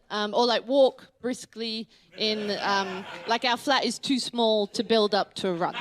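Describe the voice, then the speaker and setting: A woman's voice: a little high, a bit bright. An Australian woman performing a stand-up comedy set in a club, rambling and breaking off with laughs. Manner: rambling, self-interrupting, laughing through lines. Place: comedy club stage with live audience.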